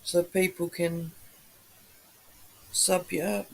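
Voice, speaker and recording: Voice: mid-range voice, level tone, slow pace, vocal fry, slightly rough. A livestream host in a just-woken-up morning voice, chatting casually with viewers and greeting them by name.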